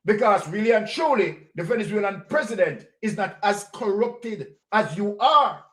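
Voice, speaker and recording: A man's voice: high-pitched, animated, moderate pace, fairly bright tone. A man with a Jamaican accent giving a combative political commentary, directly accusing the person he talks about. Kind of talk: monologue commentary.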